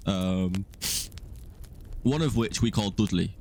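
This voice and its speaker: A man's voice: on the low side, slow, dark tone, a little hiss or hum. A young man co-hosting a podcast, telling a story in a rambling, self-mocking way with many fillers. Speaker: podcast co-host. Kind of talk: casual storytelling chat.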